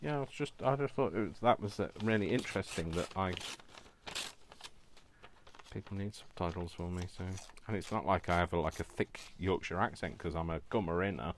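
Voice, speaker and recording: Male crafting vlogger; low pitch, loose rambling chat, laughs often. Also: slight background noise. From Britain. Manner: rambling, chatty, quick to laugh. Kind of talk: casual chat while crafting.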